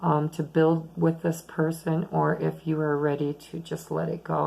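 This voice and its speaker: A woman giving a chatty, rambling tarot reading at home late at night, losing her voice and talking softly at times. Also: sits low, vocal fry, poor audio. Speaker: tarot reader.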